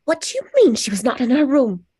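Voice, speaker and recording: A woman's voice: lowish voice, fairly even intonation, slow pace, darkish tone, no echo. A woman reading a nervous, fidgety mother in her forties at a table read, eager and fluttery.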